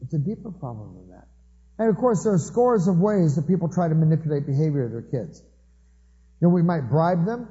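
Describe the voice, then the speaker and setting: A man delivers a sermon as a string of homely anecdotes, slipping into the voices of the people he quotes. His voice sits somewhat high yet sounds very dark and mellow. The recording is muffled and lo-fi. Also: expressive, fairly quick. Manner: storytelling, acts out quoted voices. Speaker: preacher.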